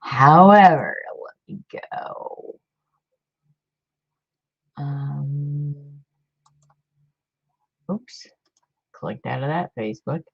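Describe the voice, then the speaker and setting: A woman's voice: sits low, lively intonation, drawn-out words, creaky, pauses often, breathy edge, highs cut off. A woman hosting a craft video, talking casually to her viewers in a chatty, rambling way with many fillers and restarts. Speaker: craft channel host.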